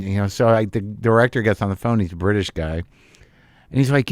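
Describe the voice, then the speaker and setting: A man in his fifties, a guest comedian and actor, talking in a halting, self-deprecating way with many restarts. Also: lowish voice, clean tone, dry recording, studio quality. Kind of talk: casual interview chat.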